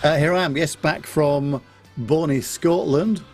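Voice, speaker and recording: A man's voice: on the high side, measured pace, faint music behind. A man from the United Kingdom, co-hosting a podcast, talking in a hesitant, dry-humoured way. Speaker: podcast co-host. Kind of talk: casual chat.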